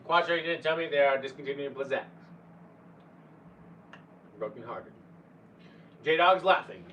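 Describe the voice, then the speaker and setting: A man's voice: medium pitch, expressive, unhurried, fairly bright tone. A man streaming live, chatting casually with viewers in a laid-back, profane way. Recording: distant, dull lo-fi mic with faint hum.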